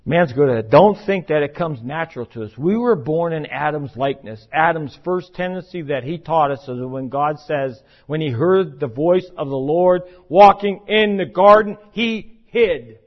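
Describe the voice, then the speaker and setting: A man's voice: on the high side, lively intonation, normal speed, hardly any pauses. A man preaching a sermon in an emphatic, conversational way, now and then acting out the voices he quotes. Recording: muffled, lo-fi recording.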